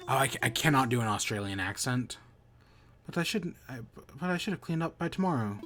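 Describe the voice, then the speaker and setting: A man's voice: mid-range voice, expressive, a little fast, a bit bright, slight background noise. Man rambling over his game stream. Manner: rambling, self-correcting chatter. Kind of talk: casual gameplay commentary.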